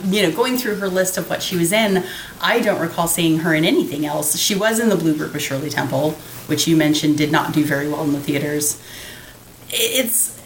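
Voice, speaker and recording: A woman's voice: fairly low pitch, slight background noise, rough recording. A woman co-hosting a podcast, chatting casually about an old film, laughing often and restarting her sentences. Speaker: podcast co-host.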